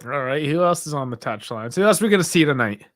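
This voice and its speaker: A man's voice: fairly high pitch, expressive, fast talker, fairly bright tone. A young man hosting a football watch-along stream, chatting casually, reacting aloud with sighs and laughs and talking to his chat. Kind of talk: casual live match commentary.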